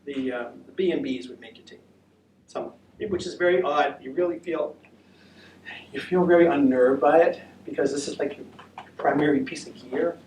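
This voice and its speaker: A man's voice: fairly high pitch, moderate pace, a little mellow. Rambling American man at a far mic. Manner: chatty, rambling, with many fillers and restarts. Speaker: presenter of a walking trip talk. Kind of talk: casual presentation with audience questions. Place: senior center room. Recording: echoey room, voice from a distance, faint noise.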